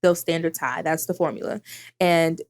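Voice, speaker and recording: A woman's voice: low-pitched, normal speed. Young woman podcast cohost, chatty, laughs a lot, reads comments out. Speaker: podcast co-host. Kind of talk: casual chat.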